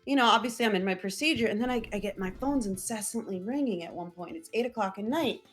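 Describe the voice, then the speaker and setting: A woman guest chatting casually, telling a story in an animated way, laughing mid-sentence and acting out family members' voices. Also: medium pitch, fast, faint music behind. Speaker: guest streamer.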